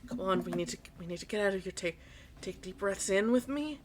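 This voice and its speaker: A woman game master voicing a bright, warm spirit being that gently coaxes someone to breathe and calm down. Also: medium pitch, a little fast, a little hiss or hum, lightly acted. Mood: soothing. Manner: gentle, coaxing.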